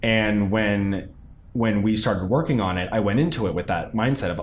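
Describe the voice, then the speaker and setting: A man's voice: fairly low pitch, moderate pace, slight background noise. A young man, a stage actor, chatting in an interview about his role, talking animatedly with many fillers and restarts. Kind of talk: casual interview.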